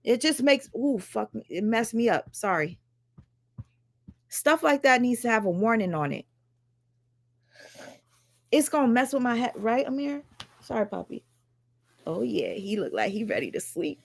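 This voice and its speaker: A woman's voice: on the high side, very animated, a little slow, vocal fry, pauses often. A woman chatting casually and candidly as a reaction streamer, swearing freely as she talks. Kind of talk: casual chat.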